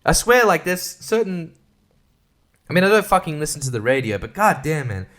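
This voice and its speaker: A man's voice: a little high, big pitch swings, moderate pace, fairly bright tone. A man hosting a casual solo podcast, rambling and crude, swearing and laughing often. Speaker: podcast host.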